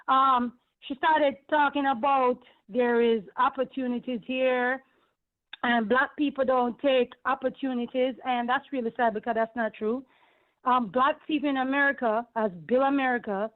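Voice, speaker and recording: A woman with a Caribbean accent calls in over a tinny phone line and holds forth at length. She is emphatic and indignant, and her high voice rambles from point to point. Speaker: caller. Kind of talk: call-in radio rant. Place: home in New York.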